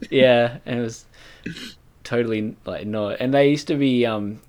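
A man co-hosting a podcast, talking in a relaxed, rambling way with plenty of fillers. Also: mid-range voice, unhurried, clean tone. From Australia. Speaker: podcast co-host. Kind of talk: casual chat.

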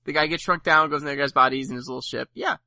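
A male podcast host with a gravelly, bright tone chats casually, rambling through plenty of ums and uhs. His voice sounds close and dry, with no room around it. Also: on the high side, fairly even intonation, very fast, no room sound. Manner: rambling, filler-heavy, laughs easily. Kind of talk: casual chat.

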